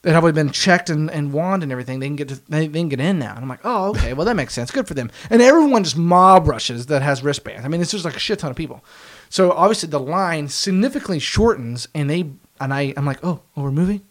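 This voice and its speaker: A man in his late twenties tells a story in a loose, casual way. His voice sits somewhat high for a man. He acts out the lines of the people in his story and swears freely as he goes. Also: lively intonation, quick pace. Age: 20s.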